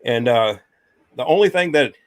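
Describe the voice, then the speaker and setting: A man's voice: mid-range voice, expressive, moderate pace, dry recording, studio quality. Drawling man telling a ghost story. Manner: rambling, drawling, many fillers. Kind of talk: casual storytelling.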